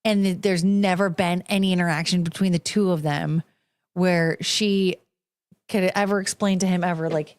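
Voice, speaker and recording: A woman's voice: on the low side, fairly even intonation, moderate pace. Blunt, profane woman host mocking clips. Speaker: podcast host. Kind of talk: casual commentary on video clips.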